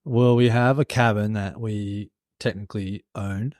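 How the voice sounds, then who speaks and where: A man co-hosting a podcast, telling stories in relaxed casual chat. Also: on the low side, unhurried, no room sound, clean studio sound. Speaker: podcast co-host.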